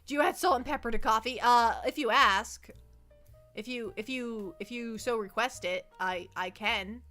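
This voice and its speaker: Faint music plays behind a young woman VTuber streamer chatting casually on a livestream. Her voice is fairly high and sharp at a moderate pace, and she rambles self-deprecatingly, often tripping over and repeating words into a close desk mic.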